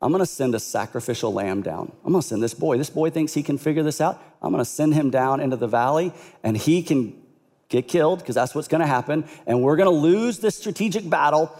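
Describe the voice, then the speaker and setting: A man voicing a frightened, calculating king who plots in a low, hushed, conspiratorial tone. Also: animated, brisk, long reverb tail. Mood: scheming. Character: scheming frightened old king, cold and calculating.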